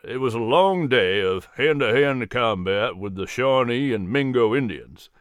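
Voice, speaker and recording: An actor playing an earnest colonial militia colonel who speaks in a measured, sober way. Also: male voice, medium pitch, animated, smooth, dry recording, clean studio sound, lightly acted.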